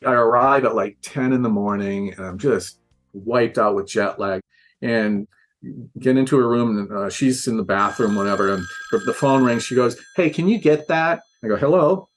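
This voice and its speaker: A man, a guest on a podcast, telling a relaxed anecdote and acting out the voices of the people in it. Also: on the low side, normal speed, faint music behind. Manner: relaxed storyteller, acts out quoted voices. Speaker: interviewed guest telling a story. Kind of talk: casual anecdote.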